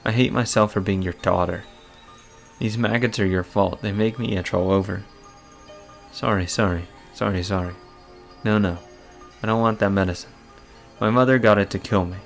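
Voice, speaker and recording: A troubled young girl haunted by a curse, read aloud by a man in his own low, gravelly voice. The lines come in a plain reading tone with little put-on change, over faint game music. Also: steady tone, normal speed, pauses often. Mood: frantic. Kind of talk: reading a visual novel aloud.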